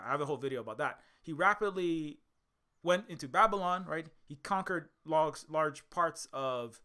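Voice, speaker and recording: A man's voice: fairly high pitch, sharp tone. A man giving a rambling commentary monologue, firing off sarcastic rhetorical questions and often restarting his sentences. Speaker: video essayist.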